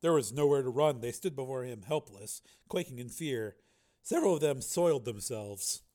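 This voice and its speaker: A man reading a science fiction audiobook aloud, steady and even, now and then correcting a slip. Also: medium pitch, moderate pace. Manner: steady storytelling with occasional slips and self-corrections. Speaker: narrator. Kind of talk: audiobook narration.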